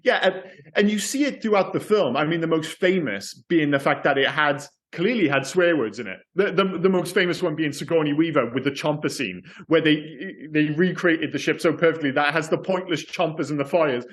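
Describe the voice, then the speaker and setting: A man talks through a movie on a podcast, his voice pitched a touch higher than most. He rambles and corrects himself as he goes, animated and casual. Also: fairly quick, few pauses. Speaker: podcast co-host. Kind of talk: casual film discussion.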